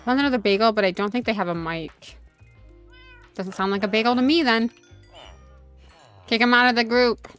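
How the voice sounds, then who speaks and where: A woman's voice: on the high side, brisk, long pauses, a bit bright, clear, resonant tone, soft background music. A woman game streamer chatting casually and self-mockingly while playing, talking to the characters on screen. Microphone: desk USB microphone.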